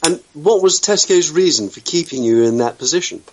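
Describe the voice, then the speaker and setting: A man's voice: fairly high pitch, animated, fairly quick, lo-fi sound, background noise. A man from the UK hosting an internet radio talk show, wry and blunt, throwing out sweeping opinions with the odd swear word. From United Kingdom.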